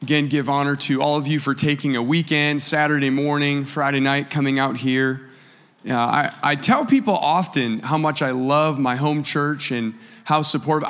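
A man's voice: mid-range voice, fairly bright tone. Male preacher, conversational storyteller, church sanctuary with long reverb. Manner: conversational storytelling with audience call-and-response. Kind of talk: sermon.

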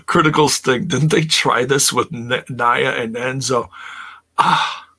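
A man's voice: medium pitch, takes it slowly, pushed and bright, breathy edge. A man casually recapping a wrestling show on a live stream, chatting with viewers and sounding exasperated. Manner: chatty, exasperated, reads chat aloud.

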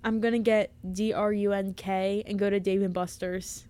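A woman's voice: mid-range voice, flat delivery, normal speed, dark tone. A young woman co-hosting a podcast in casual chat, playful and prone to singing bits of songs. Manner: playful, sings snatches of songs. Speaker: podcast co-host.

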